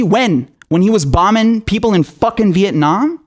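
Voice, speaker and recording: A man's voice: high voice, very animated, normal speed, hardly any pauses. A man who is a political commentator, delivering an angry and profane rant full of rhetorical questions. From Syria.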